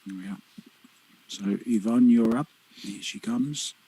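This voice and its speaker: A man co-commentating a pool match live, relaxed and joking, reacting to shots with short remarks. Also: fairly low pitch, slow pace, slightly rough, rough recording.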